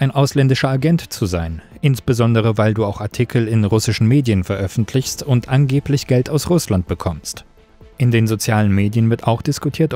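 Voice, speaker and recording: A man interviewer with a mellow, mid-pitched voice reads out a long question in a steady, measured way. Faint music plays softly behind him.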